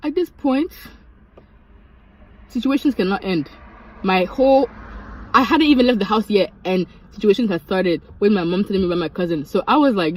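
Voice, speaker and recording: A young woman, casually telling a storytime and switching into high, animated quoted voices. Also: moderate pace, long pauses, poor audio. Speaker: vlogger.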